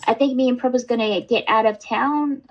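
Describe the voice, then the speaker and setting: A woman's voice: a little high, steady tone, a little fast, muffled recording. A woman hosting a casual livestream chat, rambling and swearing, with lots of fillers and restarts. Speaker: livestream host.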